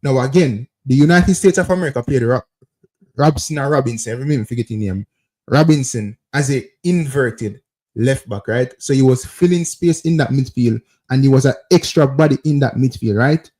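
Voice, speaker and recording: A man's voice: medium pitch, moderate pace, darkish tone. A man with a Jamaican accent hosting a football call-in show, insistently breaking down plays over footage and calling out to viewers. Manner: repetitive, insistent, keeps addressing viewers as people.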